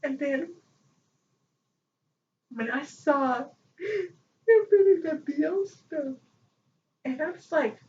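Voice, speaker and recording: A woman chatting casually as a vlogger, excitable and rambling, often breaking into laughter. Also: sits high, slow pace, pauses often. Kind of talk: casual chat. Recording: distant, dull lo-fi mic with faint noise.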